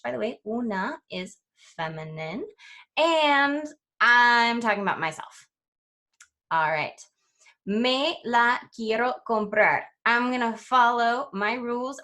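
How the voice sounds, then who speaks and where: A woman language coach teaching a grammar lesson, explaining clearly and step by step, and slowing down to spell out example phrases. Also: medium pitch, sharp tone.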